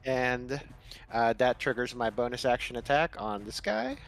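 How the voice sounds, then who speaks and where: A man playing a tabletop game, relaxed, counting out his moves aloud. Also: medium pitch, a little slow, vocal fry. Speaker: player. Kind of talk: casual tabletop game play.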